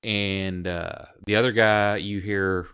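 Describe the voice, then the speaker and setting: A man with a fairly low voice runs a tabletop game as game master. He narrates in a relaxed, halting way, often stopping on fillers. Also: clean tone.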